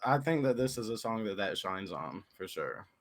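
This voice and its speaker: A man's voice: on the low side, sing-song, moderate pace. A young man hosting a casual online podcast chat, laid-back, with frequent fillers and swearing. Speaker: podcast host.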